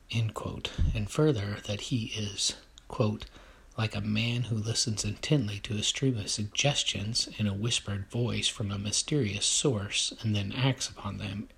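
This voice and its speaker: A man with a low, gravelly voice and a very breathy, husky tone reads a text aloud at a measured pace. Between passages he comments on it, hesitant and full of fillers. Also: fairly bright tone. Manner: measured reading, then hesitant remarks with many fillers.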